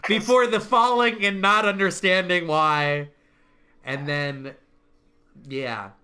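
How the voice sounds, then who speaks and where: A man with a bright, fairly high voice hosts a casual online chat. He rambles, restarts his sentences and laughs often. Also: fairly even intonation, slow. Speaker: stream host.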